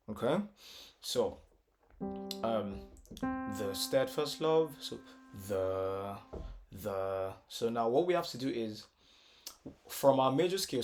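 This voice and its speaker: A man teaching a casual music lesson, thinking aloud, repeating words and singing short solfa syllables to test notes. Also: medium pitch. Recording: guitar music clearly under the voice.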